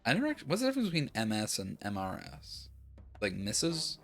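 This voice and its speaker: A streamer playing a video game, making casual, drowsy, low-key asides while yawning a lot. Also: huge pitch swings, a little fast. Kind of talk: casual let's-play commentary. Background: faint game music.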